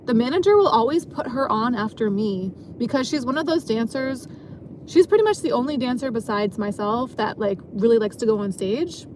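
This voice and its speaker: A woman's voice: fairly high pitch, lively intonation, moderate pace, noisy background. A woman casually telling a long story from her job as a dancer, rambling and filling her sentences with "like". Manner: rambling, filler-heavy, frequent "like".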